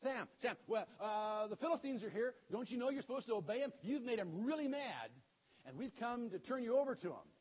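Nervous, stammering village men who are eager to please pour out their excuses in a higher, louder voice, as a preacher puts them on. The sound is husky, dull and lo-fi. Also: male voice, very animated, very fast, heavily acted. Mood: flustered. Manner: flustered, stammering, pleading.

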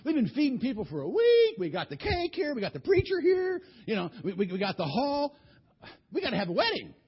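A man voicing a flustered middle-aged father of the bride who pleads and talks fast, on a dull lo-fi recording. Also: high-pitched, very animated, slightly rough, heavily acted. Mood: exasperated.

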